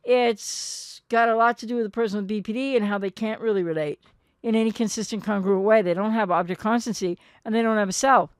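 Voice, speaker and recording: Gentle older woman therapist, dry sound. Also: medium pitch, brisk, smooth, dry recording. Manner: earnest and gentle, acts out quoted partners. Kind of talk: advice monologue to viewers.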